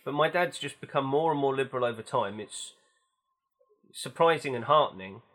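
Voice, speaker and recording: A man's voice: medium pitch, lively intonation, moderate pace, fairly bright tone. Chatty man telling stories. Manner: chatty, storytelling with wry swearing. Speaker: podcast co-host. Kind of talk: casual film chat.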